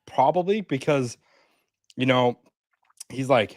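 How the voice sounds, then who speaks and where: A man in a relaxed co-hosted review chat, retelling scenes and slipping into the characters' lines as he goes. His voice sits at an everyday middle pitch. The mic is close and the sound is dry, with no room echo. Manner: relaxed, acts out characters' lines in quick bursts. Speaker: co-host. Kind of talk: casual chat, recapping scenes.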